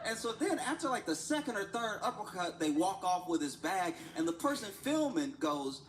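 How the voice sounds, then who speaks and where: A man's voice: high-pitched, normal speed, rough recording. A man chatting casually during an art livestream, telling a rambling story and often laughing and repeating himself. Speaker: livestreaming artist. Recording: steady background noise.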